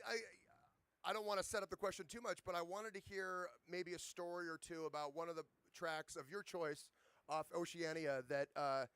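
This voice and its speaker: Radio host: fast, fairly high, smooth male voice, halting questions, dry close sound. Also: a bit bright, no echo. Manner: halting, long rambling questions with restarts. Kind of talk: casual interview questions.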